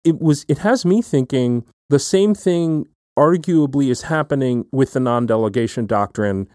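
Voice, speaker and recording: A man's voice: mid-range voice, moderate pace, darkish tone, no room sound. Man, host, thoughtful long questions, dry close sound. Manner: thoughtful, builds long questions, checks in with "right?". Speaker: podcast host. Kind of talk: academic conversation.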